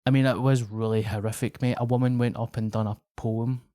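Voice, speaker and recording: A man with a Scottish accent, a guest comedian, telling a story in a loose, animated way, swearing freely and slipping into other people's voices. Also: mid-range voice, a little fast, no room sound, studio quality. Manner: animated, swearing, acting out quoted locals. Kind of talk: casual podcast storytelling.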